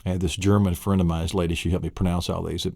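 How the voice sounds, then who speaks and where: On a memory-training tape, a Tennessee man with a Southern US accent teaches vocabulary and quizzes the listener using vivid mental images. His low, darkish voice is fast and flat with vocal fry, captured as clean studio sound with no room noise.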